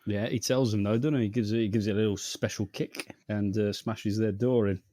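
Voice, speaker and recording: Sweary, sarcastic podcast co-host. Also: male voice, on the low side, steady tone, a little fast, mellow, no echo, clean studio sound. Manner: sweary, sarcastic banter with frequent laughs. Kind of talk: casual chat.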